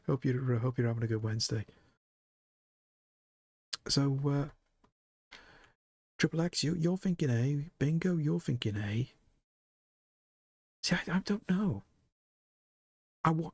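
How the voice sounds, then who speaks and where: A man's voice: medium pitch, measured pace, pauses often, a little mellow, dry recording. A man streaming live, chatting casually with viewers, joking and laughing often.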